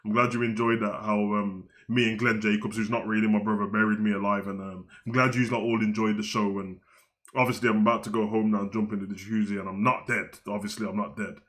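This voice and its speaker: A man's voice: on the low side, little pitch movement, quick pace, fairly bright tone, voice pushed down, close to an everyday voice. A man doing a mocking, rambling take on an undead wrestler thanking his fans.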